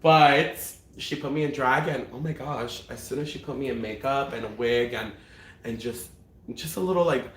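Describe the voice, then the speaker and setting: A young man, a drag performer, chatting casually as a guest, his voice raspy and hoarse from a cough, with a campy, playful manner. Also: medium pitch, normal speed, fairly bright tone, a little hiss or hum. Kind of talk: casual chat. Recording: echoey room.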